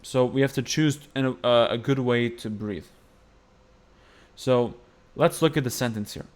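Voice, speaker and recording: Clear-voiced man teaching chant phrasing. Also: mid-range voice, unhurried. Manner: explains patiently, breaks into chanted phrases. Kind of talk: music lesson with sung demonstrations.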